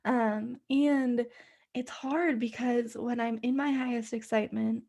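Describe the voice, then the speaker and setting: A woman hosting her own podcast in a loose, rambling solo talk, her slightly high voice carrying a gravelly fry. She fills her talk with fillers and swearing and now and then drops to a soft whisper. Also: steady tone, unhurried. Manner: chatty, many fillers, frequent swearing. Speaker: podcast host. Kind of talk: casual solo podcast monologue.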